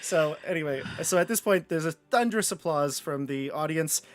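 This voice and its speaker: A man's voice: a little high, lively intonation, normal speed. A man narrating as game master of a live tabletop game, casual and chatty with fillers.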